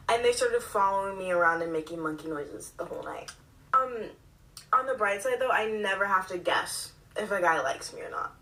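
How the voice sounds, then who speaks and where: A woman's voice: medium pitch, bright, forceful tone. A woman candidly telling a personal story to camera with dry remarks. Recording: slightly distant mic.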